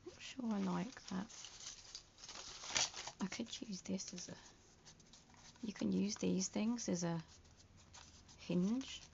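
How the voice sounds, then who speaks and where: A woman with a gravelly, fry-edged voice talks to herself at her craft desk, half-murmuring and often slipping into a whisper. The sound is dull and lo-fi, with a faint hiss underneath. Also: medium pitch, takes it slowly, long pauses. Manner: muttering to herself as she works, often drifting into a whisper. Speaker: junk journal crafter. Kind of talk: casual crafting vlog.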